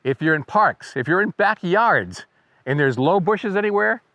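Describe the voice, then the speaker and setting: A man's voice: sits high, animated, moderate pace, fairly bright tone, lo-fi sound. A man hosting a casual birding video, talking in a chatty, wry way and mimicking bird songs with his voice. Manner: chatty and wry, imitates birdsong by voice. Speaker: birding guide and video host. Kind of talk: casual educational video narration.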